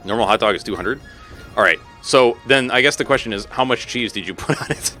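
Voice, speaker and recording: A man in his thirties with a medium-pitched voice talks briskly while live-streaming a game, with soft music in the background. Animated and joking, he swears freely and chats casually with his viewers.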